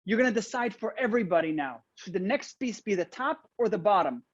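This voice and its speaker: A man's voice: sits high, animated, a little fast. A man from Israel speaks with his Israeli accent as he leads a magic show over a video call. He is playful and chatty, coaxing the audience along step by step. The call audio comes through dull and lo-fi.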